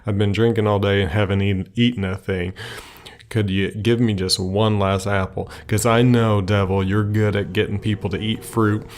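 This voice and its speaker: A man's voice: fairly low pitch, level tone, moderate pace, natural voice. A man voicing a sly, drunken old trickster who wheedles favors out of the devil. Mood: wheedling.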